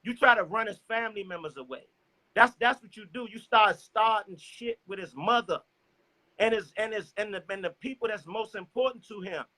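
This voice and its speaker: High voiced guy preaching hard and cussing, tells the reader to go ahead. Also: moderate pace, low-quality recording. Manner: loud, profane, preachy; directs the scripture reader. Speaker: street preacher. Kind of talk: fiery street sermon.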